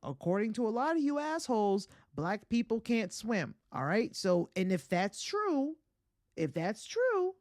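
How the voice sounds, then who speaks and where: A woman's voice: mid-range voice, very animated, moderate pace, few pauses, a little mellow, no echo, clean studio sound. A woman hosting a comedy podcast, telling a folk tale in a chatty, profane way and laughing often at her own jokes. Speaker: podcast host.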